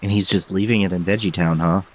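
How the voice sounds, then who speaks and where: A man's voice: low-pitched, steady tone, fast, slight background noise, low-quality recording. A man playing in a tabletop game, chatting in a laid-back, questioning way. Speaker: player. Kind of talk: casual chat in a tabletop game.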